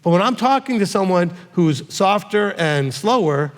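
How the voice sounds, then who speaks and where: A man, a rabbi, answering questions from his congregation in a direct, animated way, often checking in with a quick "okay?". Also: sits high. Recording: long hall reverb.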